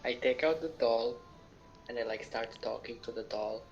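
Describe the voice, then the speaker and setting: Gravelly-voiced playful man. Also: medium pitch, normal speed, highs cut off, faint music behind. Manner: playful, narrates his actions. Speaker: player. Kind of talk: casual tabletop game chat.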